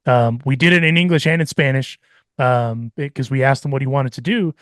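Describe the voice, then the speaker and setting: A man's voice: medium pitch, a little fast, fairly bright tone, dry recording. Podcast host guy, chill reflective talk, mixes in some spanish, mid voice, dry recording. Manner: reflective, slips into Spanish phrases. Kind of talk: casual podcast conversation.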